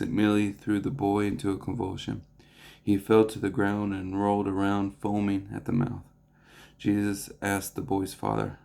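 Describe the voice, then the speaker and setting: A young man reads a Bible passage and reflects on it in an earnest, devotional way. His voice sits low and rough with vocal fry, and his pitch barely moves. He restarts his phrases often and fills pauses as he feels his way through his thoughts. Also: dark tone. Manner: earnest, halting, with frequent restarts and fillers. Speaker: preacher.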